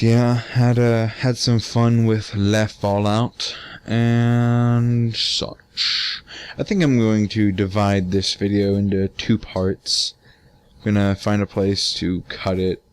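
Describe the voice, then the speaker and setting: Sleepy teen dude narrating his game, kinda low voice, rambly, says um a lot and swears. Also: little pitch movement, slow, clean tone. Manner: rambling, many fillers and restarts, swears casually. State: tired. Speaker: let's play gamer. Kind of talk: casual gameplay commentary.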